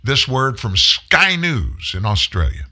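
Emphatic, bright-toned talk host. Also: male voice, medium pitch, sing-song, slow pace. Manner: emphatic, preachy. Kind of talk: opinion talk show.

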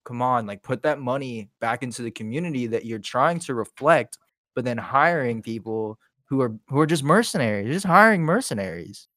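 A man's voice: medium pitch, moderate pace, a bit bright, dry recording, clean studio sound. A man co-hosting a podcast, ranting in frustration, swearing and tripping over restarts. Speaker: podcast co-host. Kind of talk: casual podcast rant.

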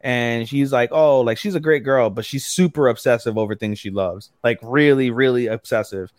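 A man's voice: mid-range voice, moderate pace, no room sound. Laid-back man with a dry close voice. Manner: swears often, recaps plots with quoted lines. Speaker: podcast co-host. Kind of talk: casual podcast chat.

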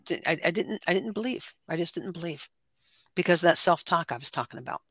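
A woman's voice: on the low side, animated, fairly quick, fairly bright tone, no echo. A woman guest, a life coach and author, speaking earnestly and reflectively in an interview conversation, sometimes repeating words as she searches for them.

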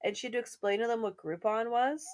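A woman co-hosting a casual chat, animated and laughing as she tells stories. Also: fairly high pitch, fast talker. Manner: animated storyteller, laughs while telling. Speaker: podcast co-host.

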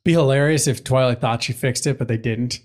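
A man's voice: mid-range voice, brisk. A man hosting a casual podcast chat, laid-back and profane, checking his notes as he talks. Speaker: podcast host.

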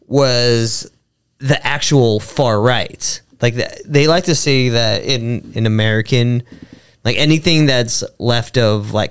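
Smooth-voiced man reading his notes. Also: medium pitch. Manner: reads from notes, stumbles over foreign names. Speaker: podcast host. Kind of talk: casual podcast chat, reading notes.

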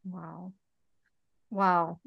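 A middle-aged woman hosting a podcast interview, speaking in a warm, emotionally affirming way. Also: fairly low pitch, flat delivery, extremely slow, gravelly, breathy edge, no room sound, muffled recording. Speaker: podcast host. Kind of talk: conversational interview.

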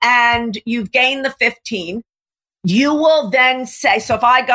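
A middle-aged woman speaking as a guest coach on a podcast, animated and emphatic, often acting out voices. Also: a little high, measured pace. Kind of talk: podcast interview, coaching talk.

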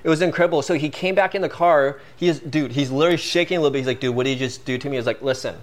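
A man as a guest, telling a story in a casual, animated way full of "like" and fillers. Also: on the high side, rapid-fire. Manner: animated, filler-heavy, peppered with "like".

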